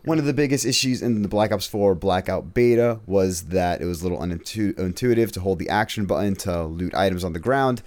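A man's voice: deep voice, fairly quick, hardly any pauses, a little mellow. A man co-hosting a casual gaming podcast, reading news items aloud in a loose, profane way. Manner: reads headlines, loose and profane.

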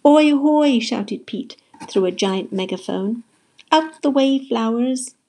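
A woman voicing a bossy young male parrot captain in a children's storybook, shouting commands. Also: lowish voice, level tone, normal speed, vocal fry, slightly rough.

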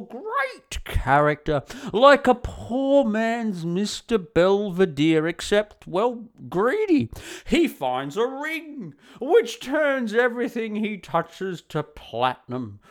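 A man voicing a rambling, preachy online commenter in an exaggerated Australian accent, reading slowly with mock solemnity. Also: high-pitched, pitched above the performer's own voice, heavily acted. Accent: exaggerated put-on Australian. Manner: slow, sing-song, mock-solemn reading.

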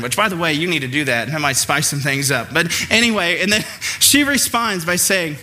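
Middle-aged male pastor, bright forceful tone, chatty animated sermon delivery. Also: sits high, a little fast. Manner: animated, conversational preaching with playful asides.

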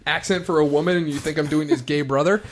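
A man bantering crudely on a podcast, full of mock outrage. His voice sits high for a man, and a faint noise hangs underneath. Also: steady tone, quick pace. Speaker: podcast co-host. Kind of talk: manic comedic banter.

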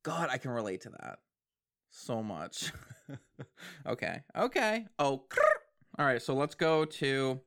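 Excitable man reacting to songs. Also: medium pitch, unhurried, pauses often. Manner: excitable, swearing, bursts of laughter. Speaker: music reaction host. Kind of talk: casual reaction commentary. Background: faint music.

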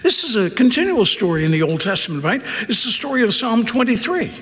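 A man preaching a sermon, talking conversationally, with dramatic swings from loud emphasis down to a hushed near-whisper. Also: very high-pitched, sing-song, fairly quick, in a large hall. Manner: conversational asides and repetition. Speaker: pastor.

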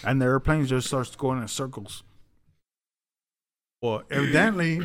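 A man co-hosting a podcast, telling a long story in a casual, profane way and loudly acting out the lines he quotes. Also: mid-range voice, measured pace, pauses often. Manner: heavy swearing, says dude a lot. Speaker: podcast co-host.

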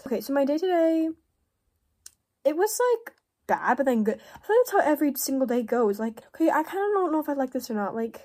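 A woman's voice: high-pitched, sing-song, brisk, mellow. A woman chatting casually to her viewers while making bracelets, rambling with lots of fillers and self-deprecating asides. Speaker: vlogger. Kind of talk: casual vlog chat while crafting.

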